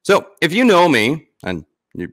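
A man's voice: a little high, huge pitch swings, a little slow, fairly bright tone, no echo, studio quality. A man hosting a paranormal podcast, introducing his guest in a chatty, rambling way with self-corrections. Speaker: podcast host. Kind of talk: casual interview intro.

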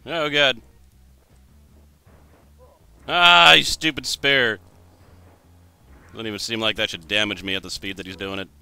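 A man's voice: on the low side, fairly even intonation, unhurried, vocal fry, long pauses, bright, forceful tone, smooth, soft background music. A man in his twenties giving wry gameplay commentary. He thinks aloud and jokes at his own expense. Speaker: let's play host.

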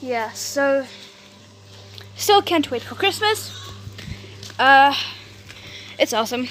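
A woman's voice: sits high, expressive, takes it slowly, fairly bright tone, faint music behind. A woman from Africa, vlogging in a casual, rambling way outdoors in a garden and cooing at her dogs. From South Africa. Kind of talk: casual vlog chat.

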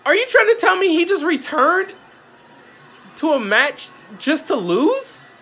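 A woman's voice: extremely high pitch, very animated, unhurried, pushed and bright. A woman hosting a wrestling reaction video, exasperated and disbelieving, asking the same questions over and over.

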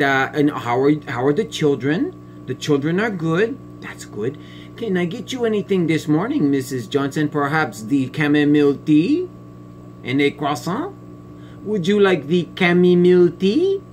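A man playing a smug, biased female family court judge in a satirical sketch, talking in a pompous, condescending way with drawn-out sneering pauses. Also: fairly high pitch, very animated, darkish tone, soft background music. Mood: fawning smug. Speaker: comedic sketch performer.

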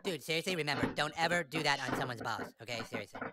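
A man's voice: fairly high pitch, rapid-fire, very noisy, lightly acted. A man voicing a bossy, pompous boy who plays a grand wizard, with a crude and commanding manner, in video game voice acting. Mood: earnest. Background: game music.

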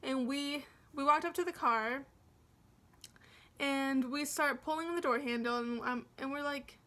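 High-voiced young woman telling a story. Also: a little slow, a bit bright. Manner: chatty, rambling with restarts. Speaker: vlogger. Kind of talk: storytime vlog narration.

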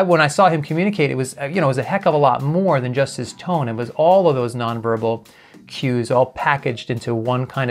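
Man coaching viewers in a direct, conversational way. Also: medium pitch. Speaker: communication coach. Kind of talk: video lesson to camera.

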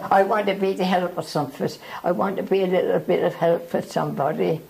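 Very old woman, halting and reflective. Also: fairly low pitch, fairly even intonation, gravelly, darkish tone, low-quality recording. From South Africa. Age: over 100. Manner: halting, repeats herself, reflective. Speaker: interviewee. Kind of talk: oral history interview.

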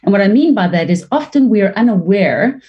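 A woman working as a leadership trainer and voice coach, giving expressive interview answers with some restarts and fillers. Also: brisk, muffled recording. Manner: expressive, varies pitch and pace to demonstrate; fluent with frequent restarts.

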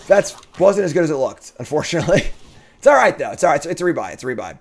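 Talking rapid-fire over soft background music, a man streams a card game and chats directly with his viewers. He ponders moves in a low murmur before erupting into loud, excited outbursts, his pitch varying widely.

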